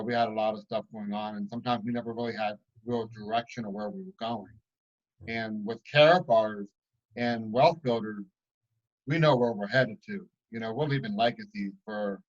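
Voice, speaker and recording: A man's voice: medium pitch, a little fast. A man guest speaking earnestly about his work and faith in a casual interview, over a dull lo-fi video call. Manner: earnest, faith-tinged, builds to excitement. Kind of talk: casual testimony.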